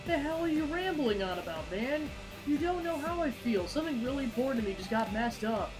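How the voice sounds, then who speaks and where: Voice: high voice, lively intonation, a little fast, over music, poor audio. A gamer voicing an indignant, hot-headed young man while reading game dialogue aloud. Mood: upset. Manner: whiny and indignant.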